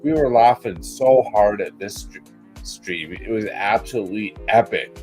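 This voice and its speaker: A man chatting casually on a livestream, excitable and rambling, swearing now and then. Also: fairly low pitch, unhurried, faint music behind. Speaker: co-host. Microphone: webcam on a video call.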